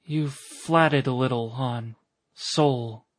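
Male reader playing a stubborn, pious old woman on her deathbed: slow, feeble, strained, dry recording. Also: mid-range voice, dry recording. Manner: slow, strained country speech. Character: dying elderly village woman, stubborn and pious.

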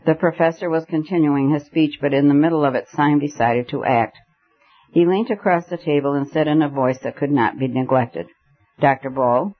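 A man narrating a novel in measured storytelling. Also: a little high. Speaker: audiobook narrator. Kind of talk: scripted narration. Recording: dull lo-fi recording.

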